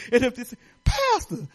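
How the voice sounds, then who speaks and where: An older woman pastor from Detroit giving a folksy, animated sermon, talking straight to the congregation with laughing asides. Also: on the high side. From Detroit, Michigan.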